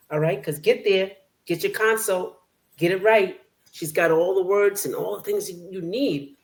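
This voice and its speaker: A woman hosting an interview podcast, giving an upbeat sign-off and a plug for her guest. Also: fairly low pitch. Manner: warm backchannel, upbeat sign-off. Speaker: podcast host. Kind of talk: casual interview talk, show outro.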